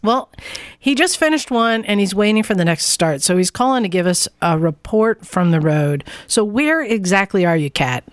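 A woman's voice: mid-range voice, lively intonation, normal speed, dry recording. A woman hosting a podcast, chatting casually and interviewing a guest. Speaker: podcast host.

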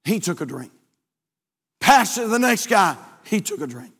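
A man preaching from the pulpit, his voice sitting unusually high. He tells stories in a folksy way and drives his points home by repeating them. A long church reverb trails after each phrase. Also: sing-song, normal speed, a bit bright, slightly rough. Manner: storytelling, folksy, with rising emphatic repetitions. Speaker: pastor. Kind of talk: sermon. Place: church sanctuary.

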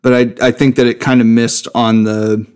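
A man's voice: mid-range voice, little pitch movement, normal speed, darkish tone, clear, resonant tone. A man co-hosting a podcast in casual chat, enthusiastic and swearing freely. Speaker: podcast co-host.

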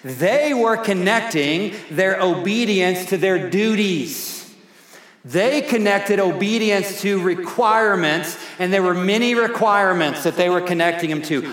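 Slow, emphatic preaching man, echoey hall. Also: high voice, expressive, a bit bright. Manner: slow, emphatic preaching with repeated key phrases. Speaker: pastor. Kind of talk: sermon. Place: church sanctuary.

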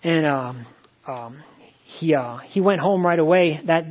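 A man's voice: on the high side, a little slow. A man preaching a sermon in a plain, conversational way, telling a story with many fillers and repeated phrases. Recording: dull lo-fi recording.

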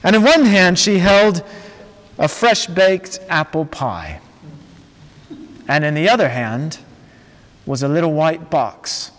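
A man preaching a sermon, telling a story slowly and dramatically with long pauses. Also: on the high side, lively intonation, fairly bright tone. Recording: long reverb of a large hall.

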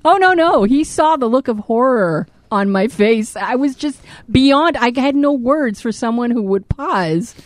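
A woman co-hosting a casual comedy podcast, telling a story in a profane, animated way. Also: a little high, a little slow, hardly any pauses, no echo. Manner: profane, animated storytelling with big vocal swings. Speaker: podcast co-host.

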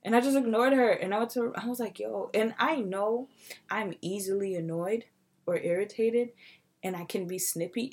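Young female co-host, husky gravelly voice, animated storyteller, casual podcast chat. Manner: animated storytelling, acting out quotes in a high mocking voice.

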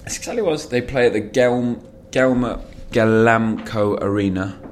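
A man's voice: mid-range voice, moderate pace, a little hiss or hum. A man from England chatting casually about football as a co-host, dry and jokey, reading out club facts. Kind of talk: casual chat.

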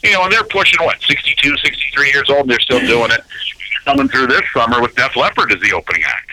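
A man's voice: medium pitch, fast, low-quality recording. A man, a radio announcer telling stories as a guest and acting out the people he quotes. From Canada. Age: 50s. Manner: animated storyteller who acts out quoted voices. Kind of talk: casual storytelling interview.

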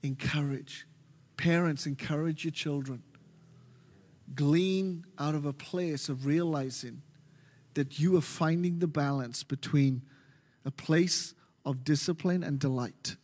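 An Australian man preaching a sermon as pastor, animated and joking with his congregation. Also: a little high. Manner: animated, jokey preaching with quick asides. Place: large church hall. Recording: reverberant church hall.

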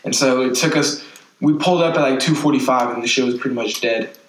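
A man's voice: medium pitch, fast talker. A young man telling a long story in casual, slangy talk, swearing a lot. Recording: echoey room, mic at a distance, faint noise.

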